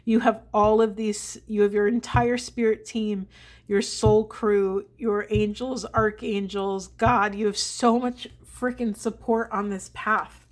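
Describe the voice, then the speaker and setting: Woman tarot reader, mid-pitched, slow and meditative, emotional with sighs. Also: level tone. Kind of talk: spiritual tarot reading to camera.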